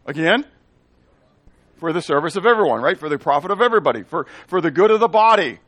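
Male pastor, sermon delivery, higher voice, dry close sound; quizzes the congregation and answers his own questions. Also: fast talker, dry recording. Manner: animated, asks the congregation questions and answers them; playful asides in made-up words.

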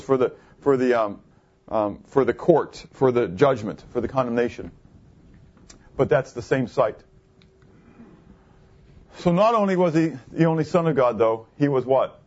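A man's voice: medium pitch, darkish tone. Man preaching, muffled lo-fi sound. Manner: conversational preaching with rhetorical questions to the congregation. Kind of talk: sermon. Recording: dull lo-fi recording.

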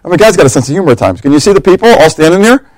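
A man preaching a lively, story-driven sermon. His voice sits a bit high and sounds close and dry. He jumps into different voices for the people in his stories. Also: very fast, no echo, rough recording. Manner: animated storytelling, acting out quotes, humorous asides.

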